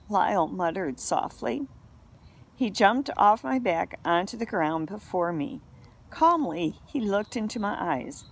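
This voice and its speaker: A woman reading a children's novel aloud in a steady, unhurried way. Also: on the low side, vocal fry, breathy edge. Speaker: reader.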